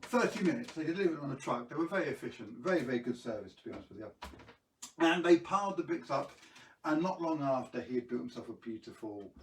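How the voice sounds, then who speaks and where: A man's voice: mid-range voice, lively intonation, quick pace, roomy sound, recorded from a distance, a little hiss or hum, rough recording. A man telling a children's story on a live stream, playful and jokey, who keeps quizzing his viewers.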